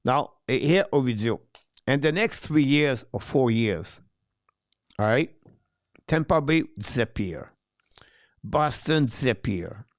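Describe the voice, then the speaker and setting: A man with a French accent, a native French speaker, hosting a live hockey watch-along show. He reads out viewer questions and answers them haltingly, with many filler sounds. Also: mid-range voice, animated, no echo, clean studio sound.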